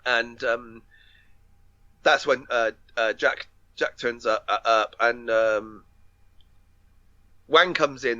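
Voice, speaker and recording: A man's voice: medium pitch, bright, forceful tone, no room sound, dull audio. A man co-hosting a podcast, retelling a film plot in casual chat with lots of fillers, restarts and laughter. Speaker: podcast co-host.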